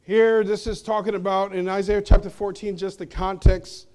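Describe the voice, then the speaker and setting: A male pastor preaching a sermon in a church, asking the congregation rhetorical questions and swinging between loud emphasis and hushed low passages. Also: level tone, normal speed, clear, resonant tone. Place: church sanctuary.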